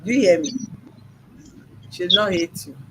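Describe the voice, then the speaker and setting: Male mediator, high voice, firm and probing, traffic noise behind. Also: animated, moderate pace. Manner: firm, probing, repeats questions. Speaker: mediator host. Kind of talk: questioning a child in a family dispute.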